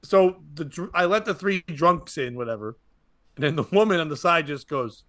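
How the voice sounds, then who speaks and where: A man's voice: fairly high pitch, animated, moderate pace, a bit bright, dry recording, clean studio sound. A man, a comedian and podcast host, tells a rambling stand-up story and acts out other people's lines as he goes.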